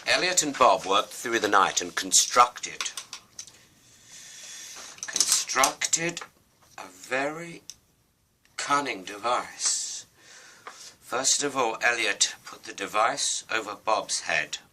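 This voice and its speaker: Slow, playful male storyteller. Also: on the low side, expressive, noisy background. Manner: playful, rambling, self-aware asides. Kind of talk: improvised storybook narration with character voices.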